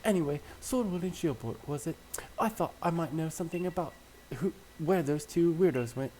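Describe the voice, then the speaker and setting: Brief: man doing a friendly young woman scientist, higher voice, quick and chatty. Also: warm tone, slight background noise, natural voice, low-quality recording. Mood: concerned.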